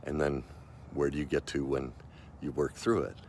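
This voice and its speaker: Deep-voiced man in his fifties, earnest. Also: level tone, normal speed, a little mellow, a little hiss or hum. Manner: earnest, emotional, heartfelt storytelling; loose and conversational, with many likes and restarts. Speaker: emotional mastery coach. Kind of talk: personal motivational talk.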